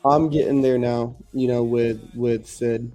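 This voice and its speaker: A man hosting a casual conversation, reflecting in a measured way. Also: mid-range voice, steady tone, mellow, soft background music. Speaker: podcast host.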